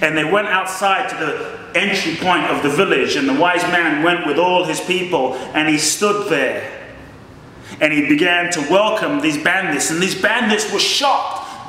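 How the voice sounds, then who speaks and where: A man's voice: high voice, measured pace, sharp tone, very echoey, big-room sound, far from the mic, slight background noise, poor audio. A man giving an impassioned motivational speech and telling a story as a life coach.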